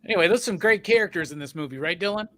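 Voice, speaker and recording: Southern US man, bright and high-ish, loose swearing co-host. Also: racing. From American South. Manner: swearing, laughing, animated. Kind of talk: casual podcast chat.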